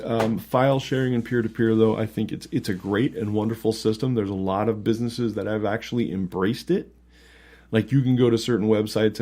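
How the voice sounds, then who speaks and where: A man with a low, gravelly voice talks loosely on a casual podcast. He rambles, jokes crudely and breaks into laughter easily. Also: dark tone. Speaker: co-host.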